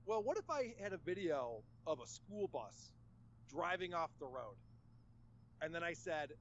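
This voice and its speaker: Snarky guy, high and really animated voice, kinda muffled line w faint hiss. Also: measured pace. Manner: sarcastic, mocking, laughs often. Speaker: podcast guest. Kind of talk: casual podcast chat.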